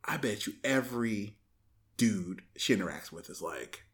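Animated laughing man, lively pitch. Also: moderate pace. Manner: animated, laughs often, swears, acts out quoted voices. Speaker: podcast host. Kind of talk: casual chat. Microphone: headphones on, podcast mic.

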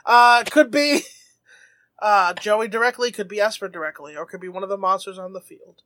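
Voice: mid-range voice, normal speed, fairly bright tone, no echo. A podcast host recapping an episode in casual comedic chat, jumping into silly character voices as the story goes.

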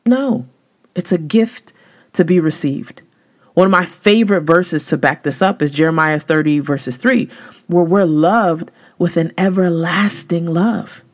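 Emphatic woman host giving a devotional talk. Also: unhurried. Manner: emphatic, conversational, slangy, with sudden rises in pitch. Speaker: podcast host.

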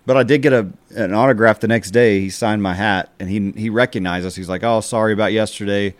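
A man's voice: fairly low pitch, fairly even intonation, a little fast, dry recording. A man co-hosting a podcast, telling a long story in casual chat, with many fillers. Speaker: podcast co-host.

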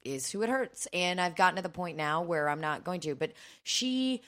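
Fast-talking low-voiced woman. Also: animated, a bit bright. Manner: fast-talking, laughs often, swears casually. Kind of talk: casual comedic chat.

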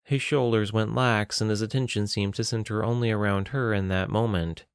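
A man narrating a novel in a measured, even storytelling voice on a close mic. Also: on the low side, clean tone, dry recording. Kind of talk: scripted audiobook narration.

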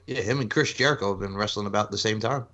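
A man co-hosting a casual chat, chiming in with quick, agreeable remarks. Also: on the low side, fairly bright tone, highs cut off. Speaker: podcast co-host. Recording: noisy recording.

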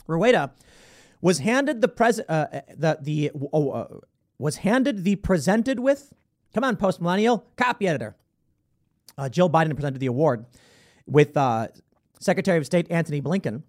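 A male political commentator reads news excerpts aloud and responds with sarcasm and disbelief, his high voice swinging widely in pitch. He speaks casually at a normal speed, stumbling and slipping into mocking asides, animated yet a little mellow.

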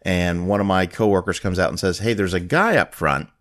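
A man with a lowish voice hosts a casual podcast. He tells a long story with lots of restarts and fillers. When he acts out other people's lines, his pitch jumps sharply upward. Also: a little fast. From United States. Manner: animated storyteller who raises his pitch for quoted people. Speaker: podcast host.

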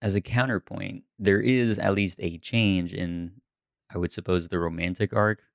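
A man co-hosting a casual movie review podcast, easygoing and quick to laugh. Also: low voice, fairly even intonation, creaky, dry recording, clean studio sound. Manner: laughs often, easygoing, trails off quietly. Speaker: podcast co-host.

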